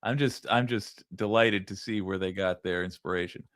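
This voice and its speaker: A man's voice: low voice, moderate pace, a bit bright, no echo, clean studio sound. A man hosting a live stream, chatting casually, musing aloud and reading out viewer comments. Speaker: streamer host.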